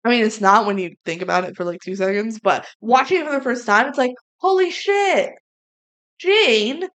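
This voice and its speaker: A woman co-hosting a podcast, chatting casually and acting out bits of dialogue as she recaps a movie. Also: mid-range voice. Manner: animated, acts out character lines in quick impressions. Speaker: podcast co-host.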